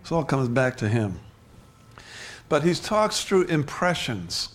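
A man preaching a sermon in a relaxed, conversational way, often restarting his sentences and chuckling between points. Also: mid-range voice, a little slow. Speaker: pastor.

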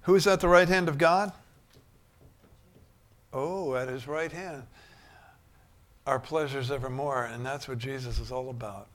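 A man preaching a sermon, shifting from quiet musing to loud, emphatic bursts. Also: medium pitch, a little slow, long pauses.

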